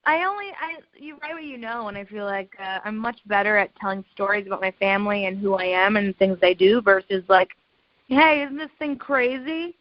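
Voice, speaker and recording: A woman's voice: mid-range voice, brisk, few pauses, no echo. Chatty woman comedian guest. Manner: chatty, laughing storyteller. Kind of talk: casual interview chat. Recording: dull lo-fi dry podcast audio.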